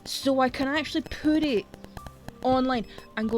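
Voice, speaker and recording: A woman's voice: high-pitched, normal speed, soft background music, poor audio. A Scottish woman streaming, chatting casually and bluntly while she plays, swearing freely. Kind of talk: casual chat while gaming.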